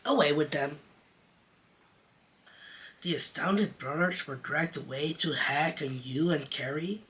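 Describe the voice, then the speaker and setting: A man's voice: on the high side, fairly bright tone, far from the mic, a little hiss or hum, poor audio. A man who performs in drag, reading a children's classic aloud chapter by chapter as a storyteller. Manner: slow, deliberate reading.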